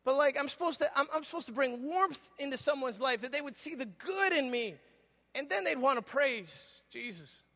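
A middle-aged man preaching a sermon as a pastor, an animated storyteller who acts out dialogue. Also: very high-pitched, normal speed. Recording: long reverb of a large hall.

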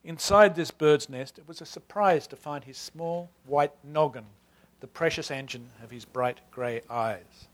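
A man in his sixties with an Australian accent reading aloud from a novel as a wry, proud older male servant narrating his life, in a lively, emphatic telling. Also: on the high side, unhurried, close to an everyday voice. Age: 60s.

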